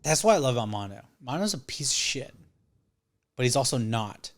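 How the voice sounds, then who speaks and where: Homme qui raconte une histoire en jurant. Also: male voice, medium pitch, very animated, brisk. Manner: profane, rambling, acts out quotes. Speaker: podcast guest. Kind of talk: casual storytelling.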